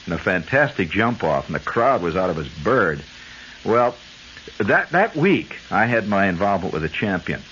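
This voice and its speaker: Deep-voiced man spinning a rambling radio yarn. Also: very animated, moderate pace, a bit bright, slight background noise. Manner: chatty, digressive, full of asides like "you know" and "see". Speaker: radio host. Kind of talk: rambling storytelling monologue. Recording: dull lo-fi 1970s radio broadcast with faint music.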